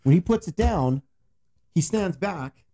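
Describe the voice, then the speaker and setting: A man with a high, expressive, unhurried and mellow voice, recorded dry at studio quality, chats casually with a friend as they work on a craft project. As co-host, he jokes around and pokes fun at his own building efforts in self-mocking banter.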